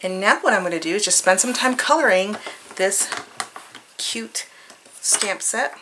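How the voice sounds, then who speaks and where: A woman's voice: medium pitch, lively intonation, measured pace, pushed and bright, slight background noise, low-quality recording. A woman hosting a craft tutorial, chatting cheerfully and thinking aloud as she works. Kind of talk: casual craft demonstration.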